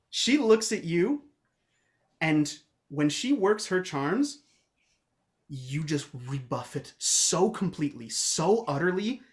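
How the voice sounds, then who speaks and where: Animated woman game master. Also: on the low side. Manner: animated, laughing often. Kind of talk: narrating a tabletop game.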